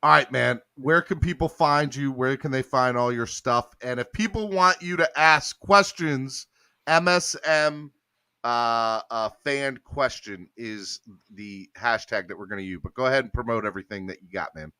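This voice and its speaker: A man hosting a casual sports podcast, talking in an animated, rambling way with restarts. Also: mid-range voice, moderate pace, clean tone, no echo. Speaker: podcast host.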